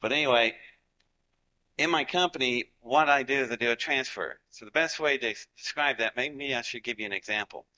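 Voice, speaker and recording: A man's voice: medium pitch, brisk, pushed and bright. A man with a Southern US accent giving a folksy storytelling talk to a live audience, chatty and joking with the crowd. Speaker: speaker addressing a live audience.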